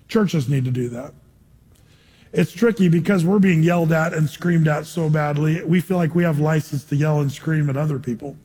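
A male pastor preaching a sermon in a conversational way, asking rhetorical questions and tossing in animated asides. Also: a little high, husky. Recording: long reverb in a large hall.

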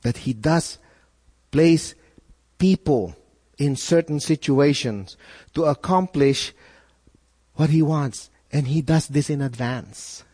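A male pastor preaching a sermon, animated, with repeated phrases and rhetorical questions. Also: a little high, slow pace, pauses often, slightly rough, in a large hall.

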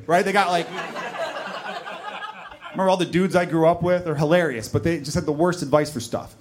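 Guy doing stand-up, talks fast, makes fun of himself. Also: high-pitched. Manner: self-deprecating, storytelling. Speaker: stand-up comedian. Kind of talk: stand-up comedy.

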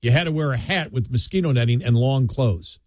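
A man's voice: medium pitch, brisk, a little mellow, dry recording. A man telling long rambling stories in easy conversation, chuckling as he goes. His voice sits in a middling register. It sounds close and dry, with no room around it. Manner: rambling storyteller, laughs often. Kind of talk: casual chat.

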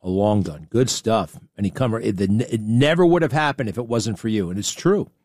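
A man hosting a talk show, commenting on debate clips in a sarcastic, animated way, his voice jumping up when excited. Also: fairly low pitch, moderate pace, dry recording, studio quality.

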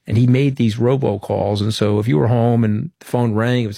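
Low-voiced man telling an animated story. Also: fairly quick, gravelly, hardly any pauses, no room sound, studio quality. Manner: animated storyteller, acts out quoted dialogue. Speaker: interview guest. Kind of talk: conversational interview storytelling.

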